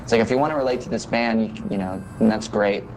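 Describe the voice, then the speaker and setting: Low male interviewee, casual, hesitant. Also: quick pace, background noise. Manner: hesitant, full of fillers. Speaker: interviewed musician.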